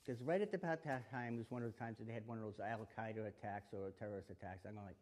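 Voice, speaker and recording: A man giving a spoken lesson on staying safe, animated and acting out the exchanges he describes. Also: on the low side, fast talker. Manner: animated, acts out quoted exchanges. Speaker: self-defense instructor. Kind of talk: spoken teaching talk. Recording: long reverb of a hall.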